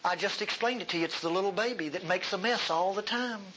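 Male pastor, high voice, lively folksy sermon delivery with humor. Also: quick pace, breathy edge, poor audio. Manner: animated, folksy, humorous, emphatic.

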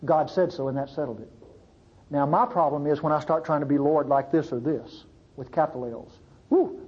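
A man's voice: a little high, breathy edge. A married man with a family preaching a sermon, teaching in a conversational way with asides to the congregation. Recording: dull lo-fi sound.

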